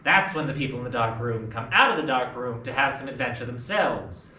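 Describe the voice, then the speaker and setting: A young man playing a restless son, bright-voiced. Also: mid-range voice, a little fast, a little hiss or hum, close to an everyday voice. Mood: wistful. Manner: wistful, then urgent and agitated. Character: restless young man, itching to leave home. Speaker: student actor. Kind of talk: stage play scene. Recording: echoey room from far off.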